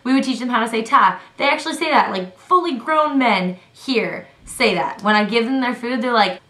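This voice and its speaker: A young woman chatting to camera in a casual, animated vlog, with exasperated asides. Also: fairly high pitch, moderate pace. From Canada. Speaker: vlogger. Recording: roomy echoing room.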